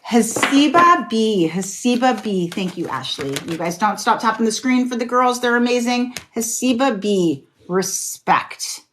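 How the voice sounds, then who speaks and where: A woman's voice: fairly high pitch, lively intonation, unhurried, hardly any pauses, noisy background. A woman doing casual, encouraging tarot readings on a live stream, swearing now and then. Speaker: tarot reader.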